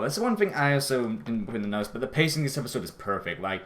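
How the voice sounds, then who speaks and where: A man talks through an episode review in a loose, off-the-cuff way, often backtracking and apologizing. His voice sits in a middle pitch but jumps high when he runs short of breath. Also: expressive, fast talker, few pauses. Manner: rambling, self-correcting, often apologetic. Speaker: show reviewer. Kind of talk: casual spoken episode review.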